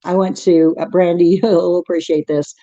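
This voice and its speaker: A woman's voice: fairly low pitch, flat delivery, normal speed, dark tone, dry recording, lo-fi sound. A middle-aged woman with a Texan accent, hosting a casual craft livestream, chatting and reading the chat aloud with frequent laughs. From Texas. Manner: chatty, laughs often, rambling restarts.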